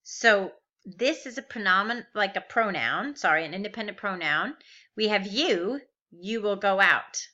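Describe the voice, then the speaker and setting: A woman's voice: medium pitch, lively intonation, measured pace, pushed and bright, dull audio. A woman teaching a recorded grammar lesson, patiently walking through verb forms step by step and asking rhetorical questions. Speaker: Biblical Hebrew teacher.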